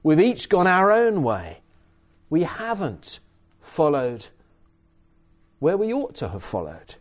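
Guy preaching a sermon, lively up and down voice, emphatic, lots of little uhs. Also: a little high, takes it slowly. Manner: animated, emphatic, with hesitant fillers. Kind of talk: sermon with bible reading.

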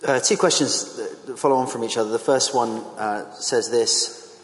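A man moderating a Q&A, reading an audience question aloud in a measured way. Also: medium pitch. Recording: echoey hall, off-mic.

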